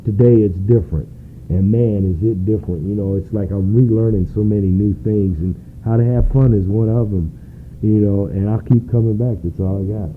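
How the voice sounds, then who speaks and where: A man's voice: on the low side, moderate pace. A man sharing at a recovery meeting, earnest and rambling, filling his talk with "you know". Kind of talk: personal share at a meeting. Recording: tinny phone-like recording with faint noise.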